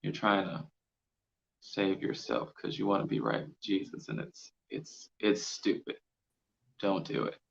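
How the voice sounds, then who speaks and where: Low gravelly male stand-up comic. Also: sing-song, unhurried, crowd noise. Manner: crude, blunt. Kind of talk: stand-up comedy set. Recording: dull lo-fi sound with faint noise.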